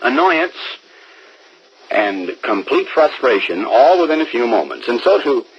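A man's voice: medium pitch, big pitch swings, unhurried, husky, highs cut off. A man preaching a radio sermon, emphatic and drawing out key words for stress.

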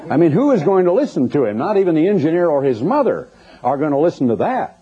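A man's voice: a little high, big pitch swings, fast talker, dark tone, breathy edge. A man preaching a sermon, emphatic and quoting scripture, often putting rhetorical questions to his listeners. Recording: dull lo-fi recording.

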